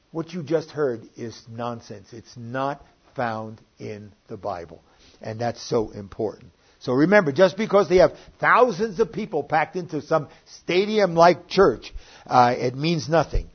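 A man's voice: a little high, husky. An older man preaching a sermon, earnest and rising and falling in volume as he quotes scripture. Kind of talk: sermon teaching. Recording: dull lo-fi recording.

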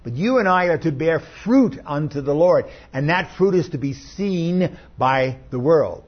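A man delivers a sermon from a church, walking his listeners through scripture passages with emphatic, explanatory teaching. His voice sits a little high and carries a husky edge. The recording sounds dull and lo-fi. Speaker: pastor.

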